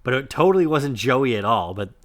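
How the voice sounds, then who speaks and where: A man's voice: mid-range voice, expressive, a little fast, fairly bright tone. A man co-hosting a podcast who recaps scenes in a laid-back way and often chimes in with agreement. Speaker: podcast co-host. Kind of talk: casual chat reviewing a sitcom episode.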